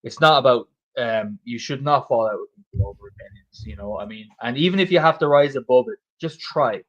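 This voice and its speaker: A young man in relaxed pub chat, talking fast and hammering his points home. He swears freely and often repeats a phrase before pushing on. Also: medium pitch, highs cut off. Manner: swearing, emphatic, repeats himself. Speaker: host.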